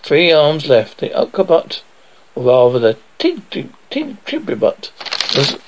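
A man reads a children's story aloud, acting out each knock and crash as a spoken sound effect. His voice sits a little high and has a gravelly rasp. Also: sing-song, unhurried, background noise. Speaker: storyteller reading his book.

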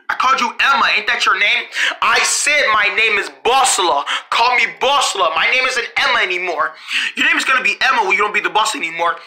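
A very bright voice that swoops high and low as it acts out every part of an improvised toy play. It snaps between bossy orders and whiny protests. It giggles through many of its lines. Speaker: storyteller voicing every character.

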